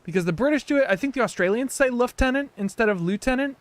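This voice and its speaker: A man's voice: very high voice, lively intonation, fast talker, no echo. An American man streaming a video game, giving casual, joking commentary with rambling asides. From United States.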